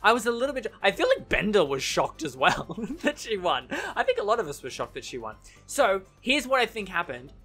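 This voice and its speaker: A man casually giving his opinions in a TV recap vlog, chatty and animated, often correcting himself mid-sentence and laughing easily. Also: high voice, a little fast, hardly any pauses, soft background music. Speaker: TV recap vlogger.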